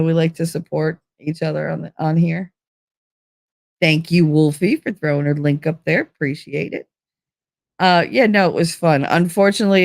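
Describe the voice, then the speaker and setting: A woman's voice: sits low, no room sound, studio quality. A woman live streamer in casual chat, rambling from one story to the next, giggling and swearing freely.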